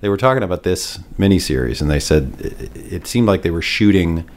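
Rich: A man with an extremely low, deep voice talks things over as a podcast co-host. He is thoughtful and unhurried in his reasoning, circling back on his words before he lands a point. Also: lively intonation, darkish tone. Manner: thoughtful, hesitant, repeats words while thinking. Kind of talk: casual discussion.

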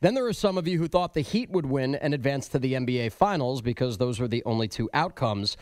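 A man's voice: mid-range voice, lively intonation, fairly quick, no room sound, studio quality. A man on a sports radio show, teasing in banter and reading the sports update in a plain, chatty way. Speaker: sports update anchor and co-host.

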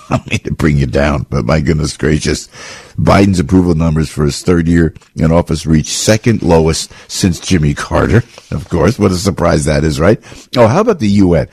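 A man's voice: low voice, darkish tone, husky, dry recording, studio quality. A man hosting a radio talk show, delivering a fired-up political commentary monologue and repeating his phrases as he rants.

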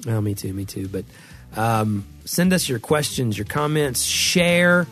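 A man's voice: medium pitch, expressive, measured pace, fairly bright tone, soft background music. Chatty middle-aged man co-hosting a podcast. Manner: chatty, laughs easily, trails off mid-sentence. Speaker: podcast co-host. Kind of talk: casual chat.

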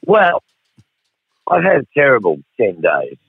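A man's voice: medium pitch, huge pitch swings, unhurried, gravelly, slightly rough, no room sound. A middle-aged Australian man telling a rambling, profane, wry story as a radio guest. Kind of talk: casual storytelling on air. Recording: tinny phone line, dry.

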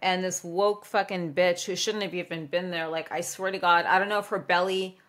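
A woman's voice: on the low side, fairly even intonation, fairly quick, fairly bright tone. A woman in her forties hosting a podcast, chatting bluntly and swearing freely. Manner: blunt, profane storytelling. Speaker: podcast host. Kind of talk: casual chat.

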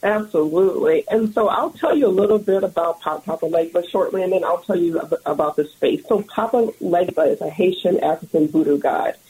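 Husky, low-voiced woman radio guest. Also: a little fast, few pauses, dark tone, poor audio. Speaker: guest, lounge owner. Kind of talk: radio interview.

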